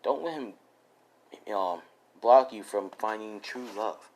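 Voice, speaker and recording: Izuku, tender young guy, murmured and hushed, as a man puts him on in a fan story. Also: animated, takes it slowly. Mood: earnest. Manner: soft, low murmuring delivery. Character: gentle young man comforting a sad woman.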